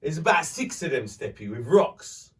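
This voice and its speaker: A man, hosting a podcast and telling a story in a lively, profane way. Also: a little high, moderate pace, far from the mic. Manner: animated, swearing, acts out voices in his story. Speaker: podcast host. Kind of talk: casual storytelling.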